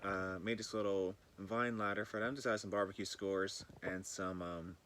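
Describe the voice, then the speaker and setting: A man's voice: low-pitched, fairly even intonation, normal speed, background noise. A man touring his greenhouse for a vlog, talking loosely and rambling with some swearing, a bit groggy. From northern British Columbia, Canada. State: a bit groggy, just woken. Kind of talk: casual chat. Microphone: handheld camera.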